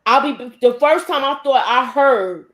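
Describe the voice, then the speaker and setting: A middle-aged woman telling a lively personal story in a casual roundtable chat, acting out the quotes. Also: sits high, unhurried, echoey room, a little hiss or hum. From Queens, New York. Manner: animated storytelling, acts out quotes. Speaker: panelist.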